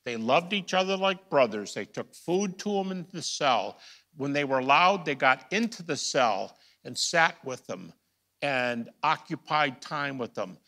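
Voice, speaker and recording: A man giving a recorded lecture, emphatic and full of rhetorical questions, repeating key phrases and swinging from quiet asides to loud stresses. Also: on the high side, lively intonation, unhurried.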